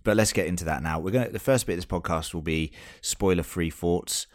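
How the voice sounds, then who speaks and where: A man's voice: sits low, brisk, no echo, clean studio sound. A man co-hosting a casual film podcast, swearing and joking through loose banter. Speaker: podcast co-host.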